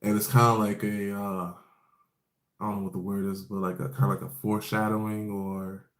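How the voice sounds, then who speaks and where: A man's voice: lowish voice, level tone, brisk, echoey room. A man casually recapping an anime episode in a rambling, laid-back way, with plenty of fillers and swearing.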